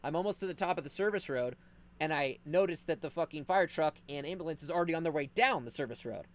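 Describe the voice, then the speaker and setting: A podcast host with a fairly high voice tells a story fast in a casual chat. He's animated and profane, acting out the people in the tale.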